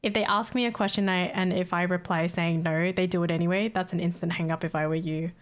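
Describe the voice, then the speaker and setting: A woman's voice: fairly low pitch, steady tone, fast. A young adult woman, ranting bluntly and swearing freely as she chats casually on a livestream. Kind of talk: casual stream chat.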